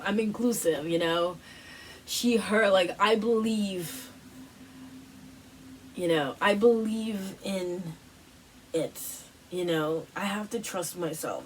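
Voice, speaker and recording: A woman hosting a wellness workshop, giving a casual motivational talk full of "like" and "you know", with animated, repetitive phrasing. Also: medium pitch, recorded from a distance, slight background noise, rough recording.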